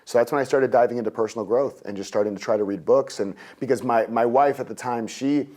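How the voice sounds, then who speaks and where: A man in his thirties, a guest in an interview, tells a story in a lively, jokey way, acting out rants he once made. He talks fast in a mid-range voice.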